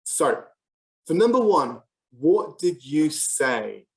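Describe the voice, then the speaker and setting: A teacher presenting a scripted English lesson, speaking slowly and clearly and modelling example phrases for learners. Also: medium pitch, very animated.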